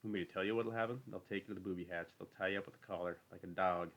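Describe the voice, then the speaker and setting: Man voicing a stable hand, older, lonely, bitter, needling, rural drawl, very deep voice. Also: steady tone, rapid-fire, a bit bright. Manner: brooding, needling, rural dialect.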